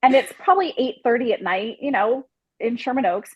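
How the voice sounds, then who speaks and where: A woman guest on a podcast telling a dating disaster story in a lively way, acting out the people in it and laughing as she goes. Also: fairly high pitch, a little fast, breathy edge, no echo, highs cut off. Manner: animated, acts out the people in her story, laughs mid-story.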